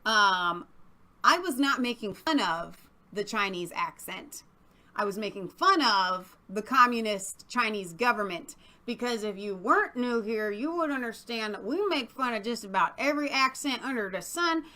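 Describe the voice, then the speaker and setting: A woman co-host talks in a sassy, animated way and pokes fun at her audience. Her voice sits a little high and sounds bright and sharp. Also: moderate pace. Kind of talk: opinionated casual chat.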